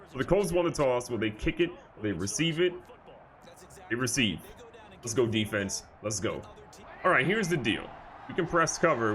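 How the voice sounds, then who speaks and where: A man giving excitable, jokey live commentary over a football video game, moving from calm play calling to loud outbursts. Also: medium pitch, a little hiss or hum. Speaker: gaming YouTuber.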